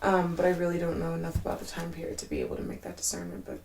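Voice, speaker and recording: A woman's voice: on the low side, racing, vocal fry, a little mellow, a little hiss or hum. Rambling, candid young woman talking to herself. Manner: rambling and candid, swearing often, with frequent "like" fillers and sudden laughs; drops to a near-whisper when reflective. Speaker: vlogger. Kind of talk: casual solo monologue.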